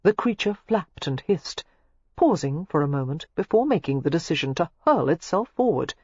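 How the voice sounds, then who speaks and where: An audiobook narrator reading a novel aloud in an expressive, scripted style. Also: moderate pace, breathy edge, no room sound. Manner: expressive, shifting pitch through the narration. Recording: dull lo-fi dry recording.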